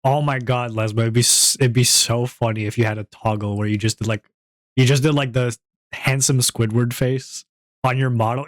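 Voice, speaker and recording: A man's voice: fairly even intonation, normal speed, dry recording, clean studio sound. Giggly rambling male streamer. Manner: giggly, rambling, breaks into high-pitched tittering. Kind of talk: casual chat.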